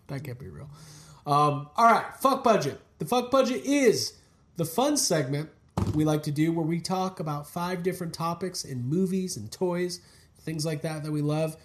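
A man's voice: on the high side, animated, normal speed. Jokey, swearing male podcast host. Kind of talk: casual podcast banter.

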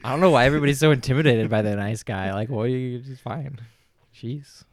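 A man's voice: medium pitch, a little fast, no room sound. A man playing a character at a tabletop game, talking in an offhand, joking way. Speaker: player. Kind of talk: casual chat at a game table.

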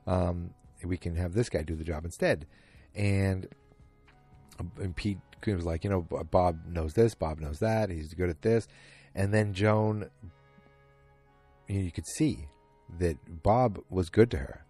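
Low, husky man rambling through a recap. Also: a little slow, long pauses, mellow, soft background music. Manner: rambling, thinking aloud with many fillers. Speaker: podcast host. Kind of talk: casual episode recap.

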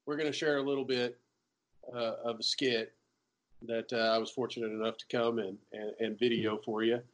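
A man's voice: mid-range voice, level tone, moderate pace. A man hosting an interview, leading upbeat into a break. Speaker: host.

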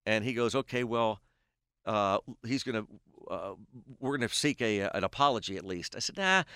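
A man's voice: on the low side, moderate pace, clear, resonant tone, no room sound, studio quality. A middle-aged man, a baseball play-by-play announcer, telling a long story on a podcast and acting out the quoted back-and-forth. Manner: animated storyteller who acts out quoted dialogue.

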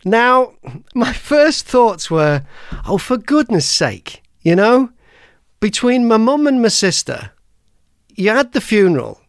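A man's voice: very high voice, very animated, takes it slowly, clear, resonant tone, dry recording, clean studio sound. A man hosting a podcast, telling personal stories in a rambling way, with lots of restarts and laughs. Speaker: podcast host. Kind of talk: casual chat, personal storytelling.

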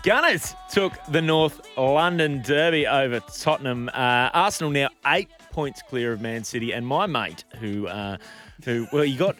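A man's voice: mid-range voice, lively intonation, a little slow, a bit bright, soft background music. A man co-hosting a radio show, chatting about sport in an easygoing, rambling way. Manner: easygoing, rambling, chuckles often. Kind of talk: casual sports chat on air.

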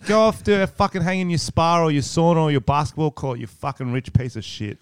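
A man's voice: a little high, expressive, fairly quick, clear, resonant tone, no room sound, clean studio sound. A man co-hosting a podcast, chatting casually and ranting bluntly with lots of swearing. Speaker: podcast co-host. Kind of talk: casual chat.

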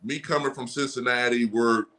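A man in his forties, a former athlete guest, telling stories in a casual podcast chat, animated, laughing often and swearing freely. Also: mid-range voice, moderate pace. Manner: animated storyteller, frequent laughs and profanity. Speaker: guest, former running back.

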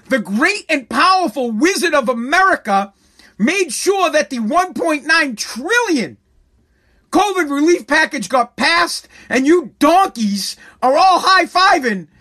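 A political commentator ranting with heavy profanity and sarcasm, swinging between loud mockery and a mock-calm hush. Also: high-pitched, unhurried.

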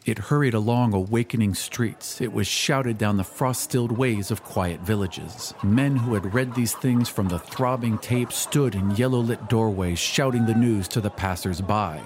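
Low-voiced man narrating a story. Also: darkish tone, a little hiss or hum. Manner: measured, dramatic storytelling. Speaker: audiobook narrator. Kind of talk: scripted narration.

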